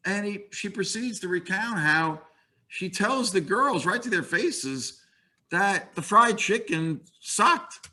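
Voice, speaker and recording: An older man in his sixties giving a relaxed, conversational webinar lecture, with a wry aside now and then. He speaks slowly, with a bright, forceful voice pitched a little high.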